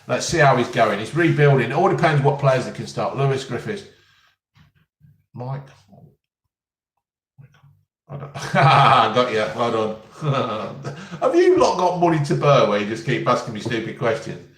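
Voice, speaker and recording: A man's voice: mid-range voice, sing-song, unhurried, pauses often. A man answering viewers' questions in a casual live stream, blunt and jokey as he reads out each question. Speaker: vlogger answering live chat. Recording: roomy and distant from the mic.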